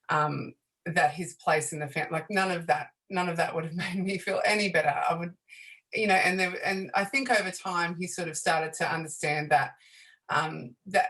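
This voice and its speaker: A woman in her forties, a bereaved mother and author, speaking softly and hesitantly with many fillers in a radio interview. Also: lowish voice, poor audio. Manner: soft-spoken, hesitant, many fillers and restarts.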